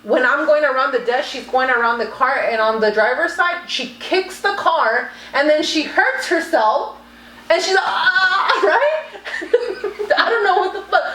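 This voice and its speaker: A woman's voice: high-pitched, fairly bright tone. A young woman, animatedly telling a story on a podcast, swearing and switching between English and Spanish. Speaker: podcast co-host. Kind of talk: casual storytelling chat. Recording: echoey room.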